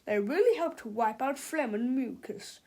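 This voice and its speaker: A woman's voice: fairly high pitch, expressive, normal speed, darkish tone. A woman doing a jolly factory boss. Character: cheery pushy male factory manager. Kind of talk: storybook read-aloud.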